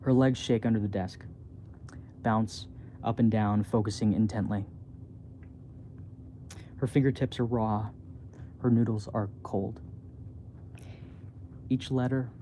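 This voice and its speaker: Male reader, slow and mellow, halting bedtime storytelling, faint hiss behind. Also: mid-range voice. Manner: soft, slow, halting reading with small slips. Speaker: reader of his own book. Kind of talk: reading aloud a bedtime story.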